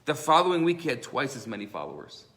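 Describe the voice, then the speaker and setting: A man teaching a live class as a rabbi, telling stories with lively acted-out voices. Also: medium pitch, fast talker. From Canada. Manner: animated storyteller, acts out voices in his tales. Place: synagogue classroom.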